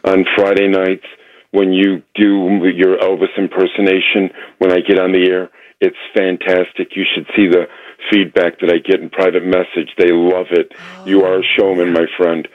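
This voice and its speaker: A man's voice: low voice, monotone, normal speed. A male caller on a sports radio show, dramatic and distraught, rambling about his team's loss. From Detroit area. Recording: dull lo-fi phone-in line.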